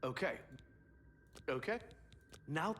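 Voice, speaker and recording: An animated male mage scholar. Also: on the high side, slow pace, a little hiss or hum. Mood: eager. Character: male mage scholar puzzling over a relic. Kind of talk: video game voice acting.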